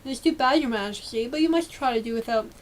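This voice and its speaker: A woman's voice: fairly high pitch, fast, a little hiss or hum, close to an everyday voice. A woman voicing a stern, joyless male lord in a storybook reading, speaking harshly and muttering. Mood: sly.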